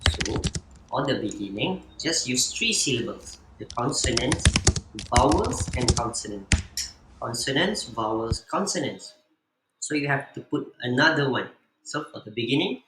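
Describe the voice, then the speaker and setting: A man, a teacher slowly showing parents a spelling activity and sounding out letters one by one. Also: mid-range voice. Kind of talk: instructional demo for parents. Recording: echoey room with loud background noise.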